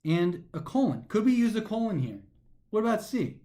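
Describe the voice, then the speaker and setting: A man teaching a recorded grammar lesson for a test, talking animatedly and slowing down to stress the pauses as he reads sentences aloud, sometimes tripping over his words. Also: high-pitched. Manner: animated, emphatic, slows down to stress pauses when reading aloud. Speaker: test prep instructor.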